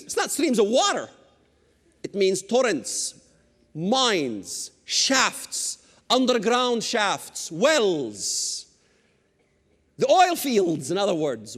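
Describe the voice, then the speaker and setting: A middle-aged man delivers a fiery sermon in a strikingly high, lively voice, with swooping pitch. He stresses his points with sudden shouts and teasing asides. His words ring out with a long hall echo. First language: Arabic. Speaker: preacher. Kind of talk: fiery sermon lecture on scripture.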